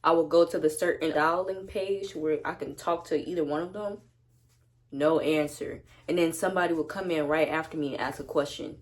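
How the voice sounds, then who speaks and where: A young woman with a notably low voice tells a story straight to camera from home. Her delivery is blunt, slangy and loose, with casual swearing throughout. She sounds unpolished and conversational. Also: fairly even intonation, normal speed, slight background noise. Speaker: vlogger.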